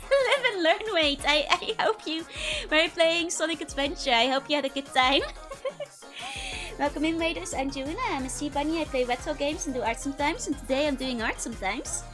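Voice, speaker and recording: A woman streamer chatting casually with her viewers in a squeaky, hamster-like voice, giggling often. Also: a little fast, over music. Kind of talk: casual live-stream chat.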